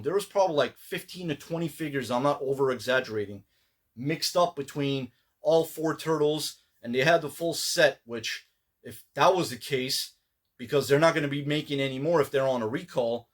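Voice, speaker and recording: Rambling male collector vlogger. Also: fairly high pitch. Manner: rambling, relaxed, many fillers and restarts. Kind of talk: casual pickups vlog.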